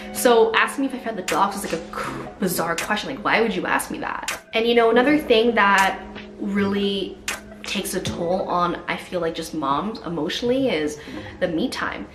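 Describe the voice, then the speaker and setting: A young woman, a new mother, telling her story openly and emotionally, sometimes quoting herself in a higher, strained voice. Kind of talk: candid personal storytelling. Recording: echoey room with music behind.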